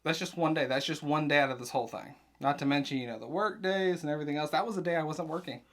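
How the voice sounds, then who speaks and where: A young man hosting his vlog, chatting casually and rambling through a busy day with quick asides. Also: a little high. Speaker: vlog host, nurse practitioner student. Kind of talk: casual chat.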